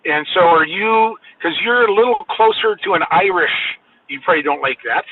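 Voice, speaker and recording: A man's voice: high-pitched, lively intonation, moderate pace, no room sound. A man from Washington state, chatting casually and asking curious questions. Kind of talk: casual chat. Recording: tinny phone line with faint hiss.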